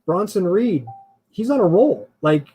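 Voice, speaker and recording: High-voiced man chatting and laughing. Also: very animated, measured pace, warm tone, breathy edge, rough recording. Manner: laughs often, hedging and rambling. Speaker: podcast co-host. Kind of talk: casual chat.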